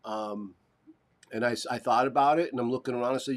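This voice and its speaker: Man, podcast co-host, casual storytelling, animated, profane, mid-pitched voice. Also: fairly quick. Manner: animated, swearing, acts out quoted voices.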